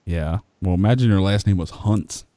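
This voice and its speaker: A man's voice: sits low, normal speed, dark tone, no echo. A man hosting a live stream, chatting casually and joking with a friend. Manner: joking, goofy, laughs a lot. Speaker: livestream host.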